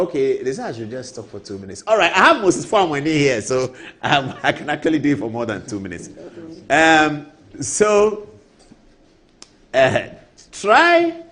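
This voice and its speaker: Man, Ghanaian English accent, TV host, lively swooping voice, slightly high, casual studio chat. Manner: animated, mimics others with a raised voice, laughs often. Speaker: TV show host.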